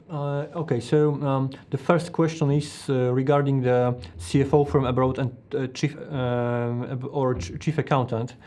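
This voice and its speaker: A man's voice: medium pitch, dark tone. A man with a Polish accent presenting a tax webinar in English, hesitant, with many ums and restarts.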